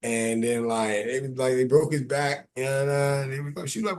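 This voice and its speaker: A man co-hosting a casual chat in a relaxed, laid-back way. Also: mid-range voice, moderate pace. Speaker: podcast co-host.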